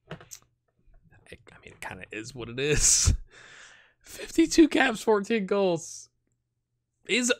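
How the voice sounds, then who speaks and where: This male game-channel host sounds fairly high and fairly bright, with a clear, resonant quality. He chats loosely about his football management save, thinking aloud and often starting over mid-thought.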